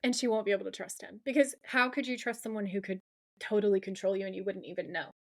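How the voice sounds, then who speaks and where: A woman co-hosting a podcast, recapping a TV episode in casual chat with dramatic, animated retelling and occasional swearing. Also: mid-range voice, fast talker, creaky. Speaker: podcast co-host.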